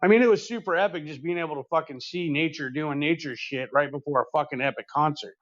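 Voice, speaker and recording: A man's voice: a little high, fast, fairly bright tone. Rambling, foul-mouthed man on a dull recording. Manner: rambling, profane, laid-back. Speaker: podcast host. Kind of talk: casual storytelling chat.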